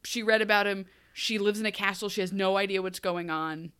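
Animated woman chatting on a podcast. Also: medium pitch, smooth. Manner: animated, laughs often, acts out characters in quick asides. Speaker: podcast co-host. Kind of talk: casual chat recapping a TV show.

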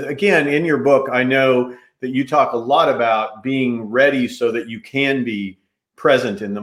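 A man hosting a live-streamed interview over a video call, talking with energy and jumping in with quick asides. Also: medium pitch. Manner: energetic, jumps in, fast asides. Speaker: host. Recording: roomy echo.

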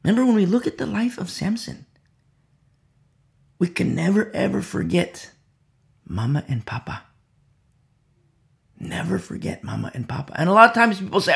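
A man preaching a Bible sermon, repeating key phrases, asking "You see?" and swinging between loud emphasis and quiet asides. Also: sits high, lively intonation, normal speed, creaky, pauses often. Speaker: Bible teacher.

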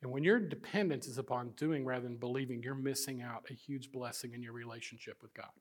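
A middle-aged man preaching a sermon as pastor, swinging between loud emphasis and hushed, intimate passages. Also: mid-range voice, fast.

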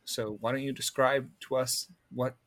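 A man running a tabletop game as game master, narrating slowly with many pauses and ums. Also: medium pitch, fairly even intonation, fairly bright tone. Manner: slow, halting, with many ums.

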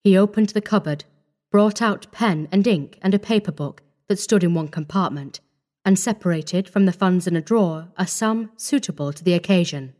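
A woman narrating a classic short story in a measured, steady reading. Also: on the low side.

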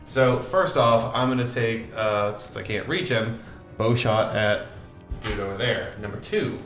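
A man's voice: lowish voice, measured pace, a bit bright. Casual male player in an echoey room. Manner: casual, thinks aloud with fillers. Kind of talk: casual tabletop play. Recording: echoey room with faint music.

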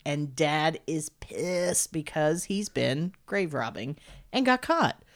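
A woman's voice: deep voice, slow pace. A woman co-hosting a podcast, casually recapping a horror film with lots of swearing and laughter. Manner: lively, swearing, laughing often. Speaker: podcast co-host.

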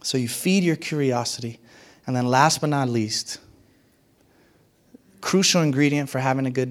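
A man's voice: unhurried, long pauses. A man preaching a sermon, emphatic and repetitive, sometimes dropping his voice to a whisper and sometimes rising sharply. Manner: emphatic, repeats key phrases, pitch swings widely.

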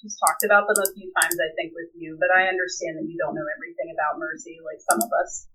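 Woman, player in character, curt, guarded, bright tense tone. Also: fairly low pitch, steady tone, fast talker, slight background noise, low-quality recording. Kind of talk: in-character tabletop role-play.

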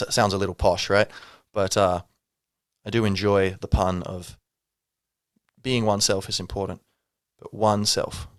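A man's voice: fairly low pitch, no echo, studio quality. A man hosting a solo podcast, talking reflectively and rambling, with many fillers and restarts. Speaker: podcast host.

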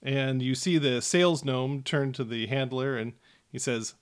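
A man acting as game master, narrating a tabletop game in a relaxed way with many fillers. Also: medium pitch, a little slow, smooth.

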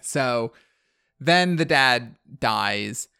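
A man hosts a podcast in a loose, chatty way. He rambles through a story, filling gaps with "like" and chuckling as he goes. His voice sits at an ordinary middle pitch. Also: animated, extremely slow, gravelly, sharp tone, clean tone. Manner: rambling, heavy use of "like", laughs at his own recap. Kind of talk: casual chat recapping a movie.

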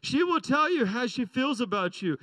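Middle-aged pastor guy, high bright voice, chatty joking sermon, keeps asking amen. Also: sing-song, normal speed, no room sound, rough recording. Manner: conversational, joking, asks the congregation "right?" and "amen?".

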